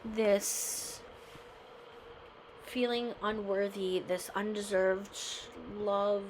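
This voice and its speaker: A woman's voice: mid-range voice, steady tone, drawn-out words, background noise. A woman reading a memoir chapter aloud, then talking it over in a conversational way and often checking in with "right?". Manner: conversational, tags remarks with "right?". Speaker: host.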